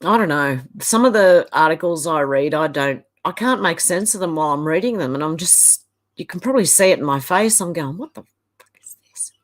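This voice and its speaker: A middle-aged Australian woman with a low, expressive voice speaks a little fast as she hosts a casual live stream. She chats loosely and reads viewer comments aloud, reacting with exasperated asides.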